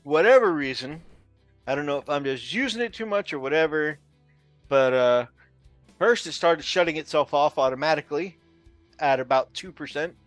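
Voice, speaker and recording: A man's voice: a little high, lively intonation, normal speed, no echo, faint music behind. A man hosting a casual hobby podcast, easygoing and self-deprecating, swearing casually. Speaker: podcast host.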